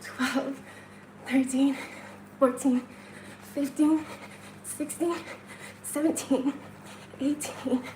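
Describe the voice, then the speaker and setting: Woman, livestream host, high voice, slow easy pace, counts aloud and reads chat. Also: steady tone, mellow, slight background noise, low-quality recording. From China. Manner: counting aloud, reading and answering chat, laughing often. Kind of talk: casual live-stream chat. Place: hotel room.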